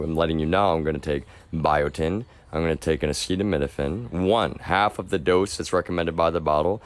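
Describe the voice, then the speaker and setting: A man's voice: low-pitched, clear, resonant tone. A young man streaming live, venting in an agitated, profane monologue, full of restarts and addressing his viewers as y'all. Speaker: livestreamer. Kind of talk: ranting monologue to a live chat.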